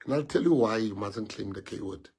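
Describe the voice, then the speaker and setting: Husky South African man speaking emphatically. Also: on the low side, animated, a little fast, a little mellow. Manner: emphatic, repeats and restarts phrases. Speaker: public speaker. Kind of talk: impassioned speech to an audience.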